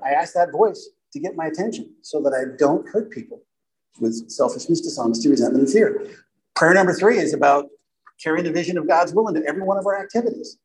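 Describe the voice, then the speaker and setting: Man, recovery speaker, casual self-deprecating storyteller, somewhat high voice. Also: rough recording. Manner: conversational, self-deprecating, repeats "right?". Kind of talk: recovery talk to a group.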